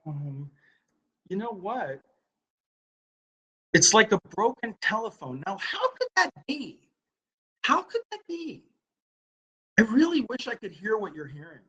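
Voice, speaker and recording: A man's voice: high-pitched, big pitch swings, a little slow, pauses often, a bit bright, slightly rough, rough recording. A man hosting a live stream, talking to his viewers through a laptop's built-in mic, blunt and profane, repeating his questions at people in the chat.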